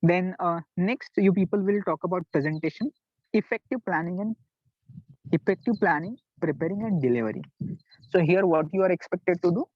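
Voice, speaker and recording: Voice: mid-range voice, normal speed, no room sound. A college teacher, giving an online lecture, posing questions and then answering them. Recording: dull lo-fi dry recording.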